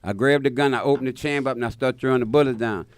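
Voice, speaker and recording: Fast-talking animated male storyteller. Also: medium pitch, clear, resonant tone, no echo. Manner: animated, acts out quoted voices, laughs mid-story. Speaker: radio show host telling a story. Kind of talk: casual profane storytelling. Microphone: studio mic.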